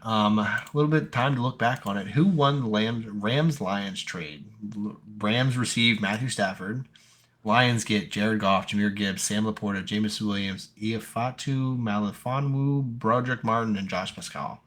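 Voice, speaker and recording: A young man co-hosting a casual sports podcast, telling animated stories and swearing freely. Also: fairly low pitch, moderate pace. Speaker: podcast co-host.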